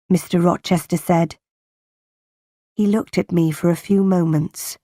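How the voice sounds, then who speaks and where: A woman narrates a graded reader at a very unhurried pace, each word set apart for learners. Her voice sits a little low and is recorded close with no room sound. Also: fairly even intonation, warm tone, no echo. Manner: slow, careful, clearly spaced reading for learners. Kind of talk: slow graded-reader storytelling.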